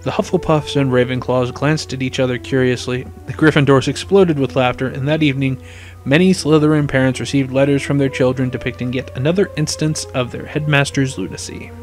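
A man narrating a fan story, rambling casually in his asides, his voice going hoarse. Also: medium pitch, fairly even intonation, a little fast, soft background music. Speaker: storyteller, fan fiction reader.

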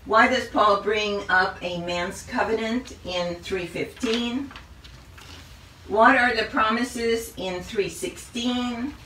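A woman teaches a Bible study at a very unhurried pace. Her voice is bright and clear, and she goes through her points one by one. The sound is echoey, as if the mic sits a little away from her in a room. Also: on the high side, far from the mic, a little hiss or hum. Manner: measured, reads out a list of questions.

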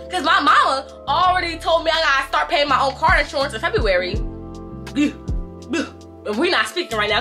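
Animated, bright-voiced young woman vlogging. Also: high voice, normal speed, faint music behind. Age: 20s. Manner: animated, outspoken, slangy and blunt. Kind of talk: casual vlog chat. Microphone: compact camera held close.

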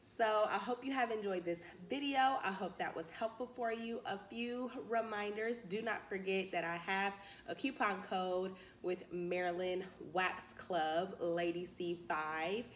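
A woman's voice: medium pitch, measured pace, hardly any pauses, a little hiss or hum. Chatty woman vlogger in a roomy room. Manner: chatty, encouraging, addresses viewers as y'all. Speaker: candle business YouTuber. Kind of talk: casual vlog talk to camera.

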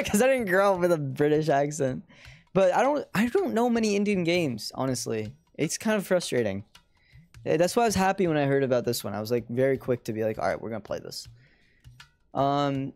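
A young American game streamer talking casually over their play, rambling and laughing often. The voice sits mid-pitch, relaxed and conversational. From United States. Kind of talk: casual live-stream commentary.

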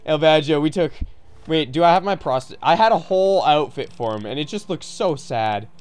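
A streamer giving casual live commentary while playing, goofy and rambling, greeting viewers and breaking into sudden excited shouts. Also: mid-range voice, moderate pace, clean tone. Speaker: game streamer.

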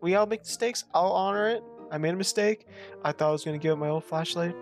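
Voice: fast talker, soft background music. Foul-mouthed, jumpy horror-game commentator. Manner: profane, rambling, talks back to the game; sudden loud outbursts and jumps in pitch. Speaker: gameplay commentator. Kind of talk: let's play commentary.

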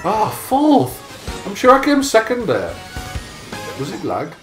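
Brief: young gamer, dry crude banter, high-ish voice, roomy mix with game music. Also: male voice, wildly swooping pitch, slow pace. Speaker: gamer and channel regular. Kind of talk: casual gaming banter. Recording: echoey room with loud game music.

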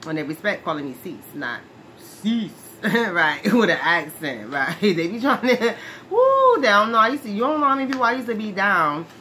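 A woman's voice: medium pitch, lively intonation, normal speed, sharp tone. A woman playing a brash, streetwise former brawler who is touchy about her name, in a comedy skit monologue. She talks in slang, laughs often and keeps asking "right?". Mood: chatty. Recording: noisy background hiss.

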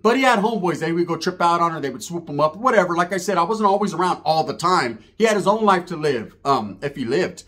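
A man's voice: on the high side, lively intonation, fast, hardly any pauses, a bit bright. A man telling a profane comic street story and acting out the voices of the people in it. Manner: acts out quotes in shifting voices, slangy and profane. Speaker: storyteller comedian.

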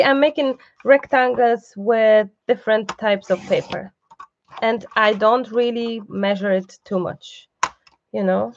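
A woman leads a live craft tutorial with a slightly gravelly, fry-tinged voice, chatting and reassuring as she works. She breaks off now and then for asides to someone behind the camera. The live-stream audio comes through dull and muffled. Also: on the high side, fairly even intonation, measured pace, a little hiss or hum. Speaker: craft teacher hosting a live online class.

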